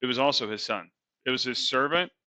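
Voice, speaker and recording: A man's voice: mid-range voice, fast, bright, forceful tone, no room sound, rough recording. A man co-hosting a podcast, casually retelling Bible stories in a slangy, chatty way with lots of fillers. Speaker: podcast co-host.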